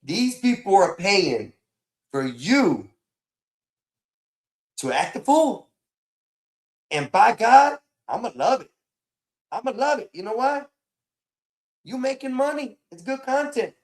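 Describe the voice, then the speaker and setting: A man's voice: very high-pitched, big pitch swings, measured pace. A man hosting a livestream, scolding and preaching in an emphatic way, often repeating his words. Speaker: livestream host. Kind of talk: casual livestream talk.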